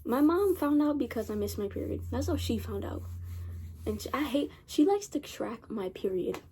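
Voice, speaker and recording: A woman's voice: a little high, big pitch swings, normal speed, darkish tone, a little hiss or hum. A teenage girl chatting casually in a rambling storytime vlog, repeating herself as she goes. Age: teens. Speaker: vlogger. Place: bedroom at night.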